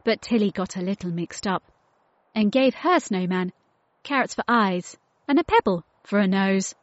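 A woman reading a children's storybook aloud, slow and clear, mixing in words from another language. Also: mid-range voice. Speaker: storybook reader. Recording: dull lo-fi dry recording.

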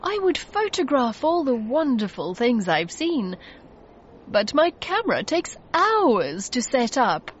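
An excitable, old-fashioned gentleman inventor from a storybook, exclaiming in a raised voice, put on by a woman reading aloud. The sound is slightly dull. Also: sits high, slow pace, slight background noise, voice pushed up, full character voice.

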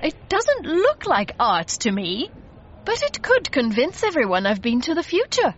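A woman putting on an excitable old-fashioned inventor man. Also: high voice, measured pace, dull audio, pitched above the performer's own voice, heavily acted. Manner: excitable, exclaiming.

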